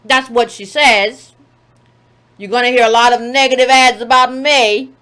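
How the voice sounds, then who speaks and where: A woman's voice: on the high side, steady tone, normal speed, bright, forceful tone. A woman giving a sarcastic political commentary monologue, full of rhetorical questions and mocking asides.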